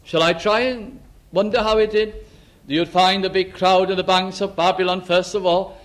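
A man preaching a sermon, often slipping into quoted everyday voices and then dropping to quiet, musing asides. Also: high voice, fairly even intonation, moderate pace.

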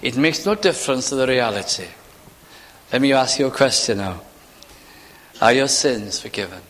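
A man preaching a chapel sermon, asking repeated rhetorical questions and moving between loud and hushed delivery. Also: medium pitch, expressive, normal speed. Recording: long reverb of a large hall.

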